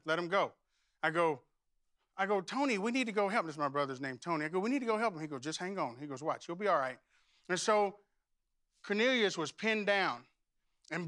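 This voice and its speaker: A middle-aged man preaching a sermon, telling stories and building to loud, declaring calls. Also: fairly high pitch, no room sound, studio quality. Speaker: pastor. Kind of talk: sermon with storytelling.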